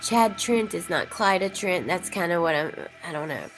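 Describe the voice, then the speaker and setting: A woman's voice: on the low side, lively intonation, normal speed, over music. A woman YouTuber giving casual, rambling true-crime commentary and talking straight to her viewers. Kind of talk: casual commentary reacting to clips.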